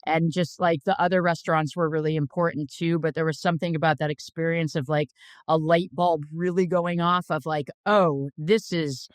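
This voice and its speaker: A woman's voice: low voice, little pitch movement, fairly quick, dry recording, clean studio sound. A woman in her fifties, a chef telling anecdotes in a casual interview, blunt and chatty with lots of "like" fillers. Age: 50s. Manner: blunt, swears freely.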